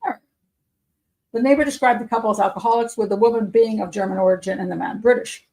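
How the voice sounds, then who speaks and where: A woman's voice: mid-range voice, steady tone, fast, warm tone, low-quality recording. A woman hosting a live show as a criminal profiler, reading news aloud with skeptical, muttered asides and self-corrections.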